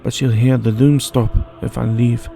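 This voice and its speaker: A man's voice: medium pitch, level tone, unhurried, creaky, mellow, soft background music. A man voicing a polite young girl in a fairy tale, speaking courteously while hiding fear.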